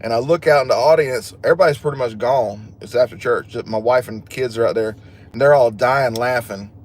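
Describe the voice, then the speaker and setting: A slightly mellow, medium-pitched male voice talks a little fast. The livestream host is chatty and joking, reading comments from viewers and laughing at his own expense.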